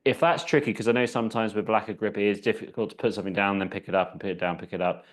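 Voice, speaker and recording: Chatty low-voiced fitness instructor man. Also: steady tone, rapid-fire. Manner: chatty, encouraging, counts down out loud, laughs at himself. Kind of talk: leading a seated exercise class.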